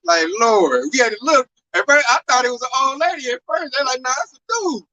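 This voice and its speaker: A man preaches outdoors on a city street, slangy and exclamatory, his pitch leaping around. His voice is bright and sharp. He is picked up from some distance off, with a faint wash of street noise behind him. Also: sing-song, brisk, no room sound.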